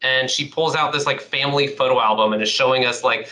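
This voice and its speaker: Male podcast host, mid-pitched and very sharp-toned, a lively storyteller who acts out the people he quotes. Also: fast talker, poor audio. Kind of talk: casual conversation.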